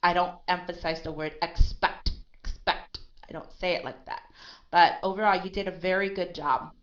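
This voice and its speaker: Low-voiced woman coaching pronunciation. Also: steady tone. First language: Vietnamese. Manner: corrective, repeats words slowly for the student. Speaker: English pronunciation teacher. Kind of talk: online pronunciation lesson. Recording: dull lo-fi sound.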